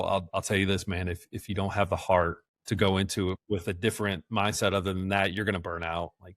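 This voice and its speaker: Folksy, lower-voiced man guest. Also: fairly bright tone, no room sound, clean studio sound. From South Georgia, US. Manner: folksy, enthusiastic, laughs often, repeats words. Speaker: guest, event rental business owner. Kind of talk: casual podcast interview.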